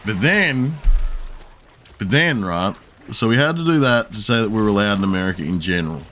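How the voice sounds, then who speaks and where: A man's voice: on the low side, animated, moderate pace, fairly bright tone, slight background noise. A young man streaming a game, telling a long, profane story in a rambling, chuckling way. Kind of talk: casual chat while gaming.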